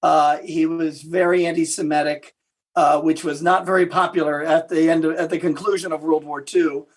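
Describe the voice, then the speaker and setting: A man with a high, husky voice tells stories in an interview, animated and chatty, often restarting his sentences as he goes. He speaks as a guest historian. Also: normal speed. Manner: animated anecdotal storytelling with repeated restarts. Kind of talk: storytelling interview answers.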